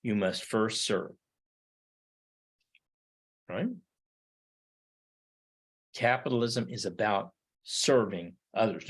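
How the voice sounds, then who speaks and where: A man's voice: fairly low pitch, lively intonation, slow pace, pauses often, slightly rough. Middle-aged male history teacher, emphatic, rhetorical lecture style. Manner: emphatic, with repeated rhetorical questions. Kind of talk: classroom lecture.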